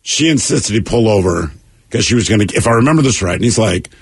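A man co-hosting a radio show, telling a caller's story in casual banter and jumping between high and low voices. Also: expressive, quick pace, husky.

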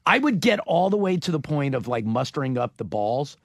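A man's voice: mid-range voice, very animated, fairly quick, dry recording, clean studio sound. A man co-hosting a casual chat, joking and self-deprecating, acting out little scenes as he talks.

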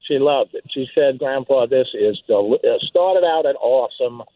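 A man's voice: mid-range voice, lively intonation, moderate pace, no echo. An older man phones in to a radio program and tells his story in a loose, chatty way. His voice comes through a tinny phone line. The sound is dry, with no room around it. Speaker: caller. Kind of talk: call-in radio chat.

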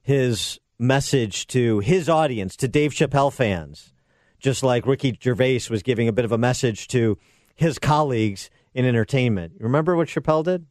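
A man's voice: mid-range voice, moderate pace, a little mellow, dry recording. A man hosting a political talk radio show, delivering sarcastic and combative commentary into a studio microphone.

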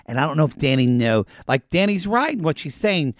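A man's voice: a little high, fairly quick, dry recording, clean studio sound. A man co-hosting a reality TV recap podcast, chatting casually and acting out scenes with profanity. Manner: animated, profane, acts out lines. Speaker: podcast co-host.

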